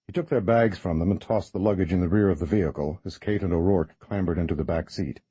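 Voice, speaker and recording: A man reading a horror novel as narrator in a measured, even way. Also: deep voice, breathy edge, no room sound, dull audio. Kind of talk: scripted audiobook narration.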